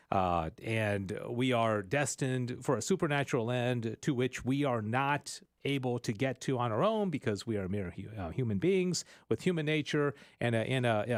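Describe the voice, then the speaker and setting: A man hosting a radio show, explaining things in a rambling, animated way. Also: medium pitch, no echo, studio quality. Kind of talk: casual teaching chat. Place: radio studio.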